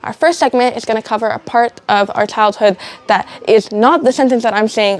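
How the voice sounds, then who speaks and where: A woman's voice: a little high, brisk. A teenage girl hosting a student school show, giggling and flustered as she keeps slipping on her lines in outtakes. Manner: giggly, flustered by slip-ups.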